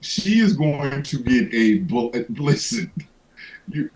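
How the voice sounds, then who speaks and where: A man's voice: medium pitch, very animated, slow pace, darkish tone, a little hiss or hum, low-quality recording. A man hosting a livestream, ranting in casual comedic chat with lots of profanity and stammered restarts. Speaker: livestream host.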